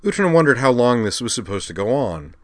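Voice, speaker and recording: A man narrating a story, reading with expressive, lively emphasis. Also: on the low side, moderate pace, no echo.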